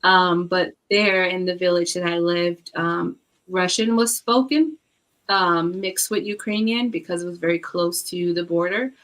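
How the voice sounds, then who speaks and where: Chatty woman telling stories, lowish voice. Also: a little slow. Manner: animated storytelling with frequent laughs and fillers. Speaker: book club guest. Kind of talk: casual chat.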